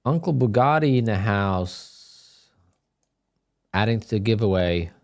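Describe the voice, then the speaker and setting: A man with a fairly low voice talks loosely through a live day-trading stream. His delivery is relaxed and chatty, and he drifts between market remarks and answers to viewer questions. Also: unhurried. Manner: laid-back, chatty, reads chat questions aloud. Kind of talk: casual live-stream chat.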